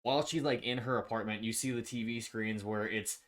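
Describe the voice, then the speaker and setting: A man's voice: on the low side, steady tone, brisk, fairly bright tone. A man co-hosting a casual movie discussion, speaking hesitantly with many fillers. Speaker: co-host.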